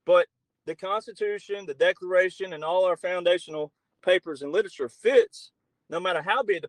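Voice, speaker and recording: A middle-aged man speaks as a podcast guest in a fairly high voice. He is blunt and emphatic and swears freely. His voice is recorded close on a dry mic with no room sound. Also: fairly bright tone, dry recording, rough recording. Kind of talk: political talk show conversation.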